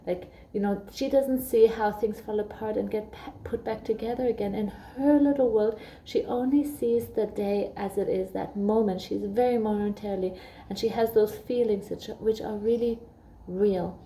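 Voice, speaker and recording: A young woman speaks in an earnest, gentle way, reflecting on parenting for her viewers. Her voice is very dark and mellow, with a noticeable gravelly fry. She talks at a medium pitch, like she is confiding in a friend. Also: steady tone, moderate pace, a little hiss or hum. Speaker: parenting vlogger. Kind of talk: reflective personal talk.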